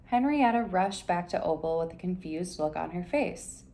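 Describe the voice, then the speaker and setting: A woman reading a children's picture book aloud in an expressive, gentle storytelling manner. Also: fairly low pitch, moderate pace, few pauses. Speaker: storybook reader.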